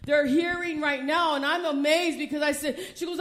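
High-voiced older woman preaching fervently. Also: steady tone, moderate pace, a bit bright. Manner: fervent, emphatic preaching with laughter; reads scripture aloud with stumbles. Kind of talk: sermon.

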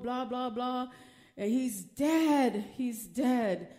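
A woman preaching a personal testimony, swinging from hushed storytelling to loud, emotional preaching. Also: a little high, moderate pace. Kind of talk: testimony sermon.

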